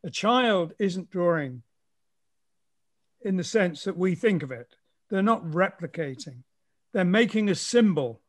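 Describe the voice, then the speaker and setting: A man with a notably high voice talks at length in a relaxed conversational tone. He explains ideas thoughtfully, as a teacher would to a curious listener. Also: unhurried, pauses often.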